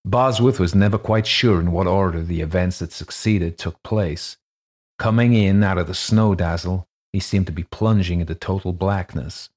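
Audiobook narration: male reader, deep pitch, husky voice, measured ghost-story telling. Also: a little mellow.

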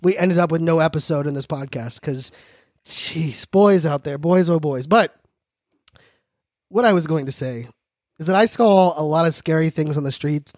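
A man hosting a podcast, talking fast and joking in a high-energy casual monologue. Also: darkish tone, no echo, studio quality. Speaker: podcast host.

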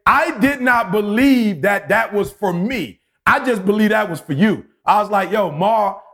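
A man in his forties on a casual podcast, telling a story with lively acted-out quotes. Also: high voice, moderate pace. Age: 40s. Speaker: podcast co-host.

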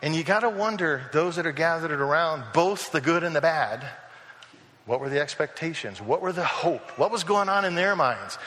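Male pastor, fairly high and forceful voice, chatty sermon storyteller, church hall reverb. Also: animated, moderate pace. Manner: conversational storytelling, acting out quoted voices.

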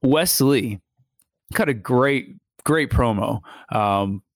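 A man co-hosting a casual wrestling podcast, halting and repeating words as he talks. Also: medium pitch, dry recording, clean studio sound. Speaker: podcast co-host.

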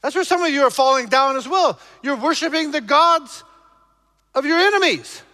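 A male pastor preaching emphatically to his congregation, shifting between loud exhortation and low, intense passages. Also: animated, moderate pace, big-room sound. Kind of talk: preaching a sermon.

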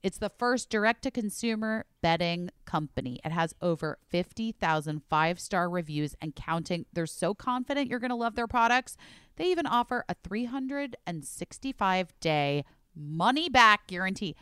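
A bubbly, chatty podcast host reads ads with lots of enthusiasm in a casual chat style, her smooth, clear voice recorded close and dry with no room sound. She's animated and speaks at normal speed, sometimes dropping low and quiet to drive a point home.

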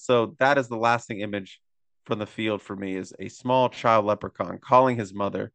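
A man's voice: lowish voice, fairly even intonation, moderate pace, creaky, fairly bright tone, no echo. A man hosting a casual sports podcast, telling rambling jokey stories. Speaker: podcast host.

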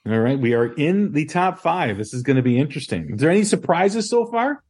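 A man hosting a casual music podcast, talking in a relaxed, rambling way with many ums and restarts. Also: a little high, a little fast, breathy edge. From Chicago area. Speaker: podcast host.

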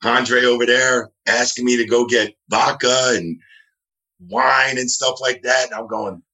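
With a steady, sharp, medium-pitched voice at a measured pace, a New Jersey wrestling referee tells rambling anecdotes as a guest over video call from his home. The talk is casual interview storytelling, and he performs the voices of the people he quotes.

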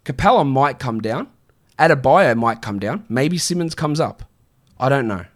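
Male host, mid-pitched, casual live-stream chat, quick offhand answers. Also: expressive. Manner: chatty, offhand, quick answers to viewer questions. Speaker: fantasy basketball show host.

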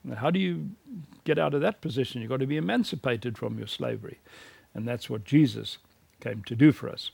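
A man teaches in a gravelly, slightly husky voice, recorded dry and close. He speaks with emphatic conviction and mixes in personal stories. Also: medium pitch, brisk, a little mellow, no room sound. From South Africa. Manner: earnest, emphatic preaching cadence with personal anecdotes. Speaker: lecturer.

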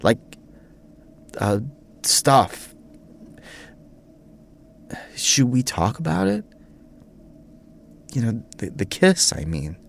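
A man's voice: medium pitch, huge pitch swings, very slow, creaky, pauses often, heavily acted. Guy doing a flustered priest, rambles, voice bounces all over, faint room noise. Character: flustered, nervous young priest.

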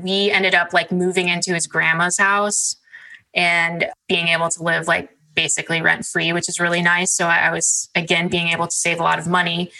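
A woman's voice: lowish voice, sharp tone, poor audio. A young woman chatting casually as a podcast guest, with many "like" and "um" fillers. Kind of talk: casual interview chat.

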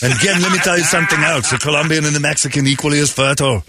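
A man's voice: a little high, steady tone, racing, bright, forceful tone. A man on a radio morning show doing a crude, blustering comedy bit.

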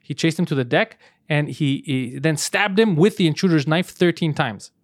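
A man co-hosts a podcast in loose, profane banter, laughing between lines. His voice sits a little high. The sound is dry and close, with no room around it. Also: moderate pace, dry recording. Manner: laughing, loose, swears freely. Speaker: podcast co-host.

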